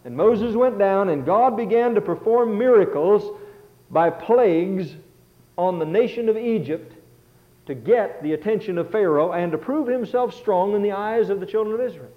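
A man preaching a sermon as a pastor, swinging between loud passages and hushed ones. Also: high voice, animated, normal speed. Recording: tinny phone-like sound.

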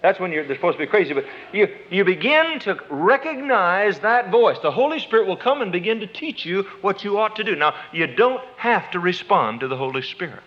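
A man's voice: high voice, very animated, a little fast, hardly any pauses. A middle-aged man preaching a folksy sermon, quoting scripture and acting out little inner conversations. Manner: folksy, acts out inner dialogues, quotes scripture. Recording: dull lo-fi sermon tape.

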